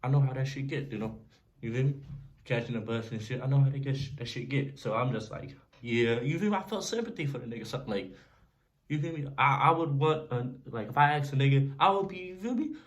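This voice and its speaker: A young man casually telling a story to camera in a slangy, animated way, often checking in with the listener. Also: medium pitch, fast. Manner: animated, slangy storytelling with frequent "you feel me". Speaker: vlogger.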